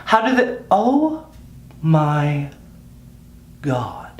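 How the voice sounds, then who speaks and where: A young man riffing in a rambling comic monologue to camera, self-deprecating with deadpan asides and swearing. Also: high-pitched, fairly quick. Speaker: comedy vlogger.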